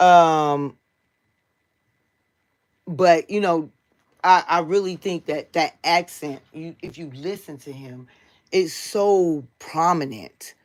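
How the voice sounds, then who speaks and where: An American woman with a somewhat low voice hosts a casual livestream. She speaks straight to her viewers in a chatty way. Her talk is blunt, heated and full of swearing. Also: a little mellow. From United States. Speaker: livestream host.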